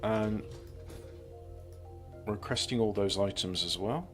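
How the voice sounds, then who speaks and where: A man with a lowish voice takes his time, faint music in the background, as he streams a game. Rambling and sardonic, he offers casual commentary and mutters his plans under his breath.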